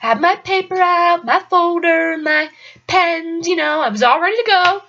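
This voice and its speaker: A woman's voice: extremely high pitch, expressive, moderate pace, vocal fry, bright, forceful tone, muffled recording. A young woman telling a casual personal story in a chatty, rambling way with lots of fillers. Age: young adult. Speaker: college student storyteller.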